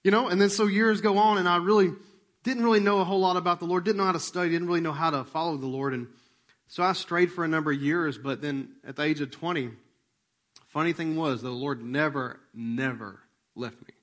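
A man preaching in a loose, conversational storytelling style, with a voice that sits a little higher than most men's. He acts out the people in his story and drops to a near hush when the moment turns tender. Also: fairly quick. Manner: animated and conversational, acts out remembered dialogue. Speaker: pastor. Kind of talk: storytelling sermon.

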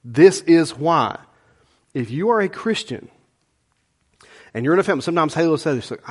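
A middle-aged man preaching a sermon as pastor, conversational and animated, with folksy asides to the congregation. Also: a little high, normal speed, pauses often, husky.

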